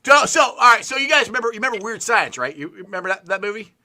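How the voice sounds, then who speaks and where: An excitable male host on a video-call livestream, stumbling over his words as he chats about sports. His voice is very bright and edgy, sits fairly high, and swings widely in pitch. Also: very fast. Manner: excitable, stammering, laughs a lot. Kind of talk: casual sports chat on a livestream.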